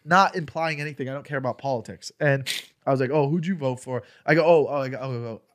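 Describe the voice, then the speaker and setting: A man's voice: mid-range voice, fast talker. A young man, a stand-up comedian, talks through an anecdote in loose, casual podcast chat. He swears freely and acts out each exchange in a raised, heated voice, then drops back to an easy conversational tone. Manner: profane, animated, acts out quotes in raised voice.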